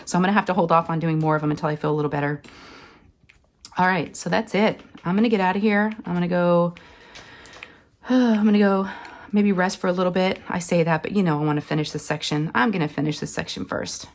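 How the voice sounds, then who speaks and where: A woman hosting a crafting channel, chatting casually while she works, her voice hoarse and scratchy from being sick, rambling along with lots of fillers. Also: fairly low pitch, fairly even intonation, fast talker. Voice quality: raspy, scratchy. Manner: rambling and chatty, full of fillers, says y'all. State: hoarse from illness. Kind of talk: casual chat while diamond painting.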